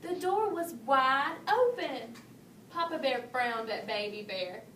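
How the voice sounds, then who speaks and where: A woman reads a children's story aloud slowly and expressively, raising her pitch for the bears' lines. She's heard from a distance off-mic in an echoey room, with a faint hiss.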